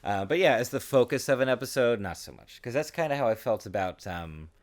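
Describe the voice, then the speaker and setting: A man's voice: mid-range voice, lively intonation, fairly quick. A man co-hosting a podcast in casual chat, rambling and laughing often. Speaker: podcast co-host.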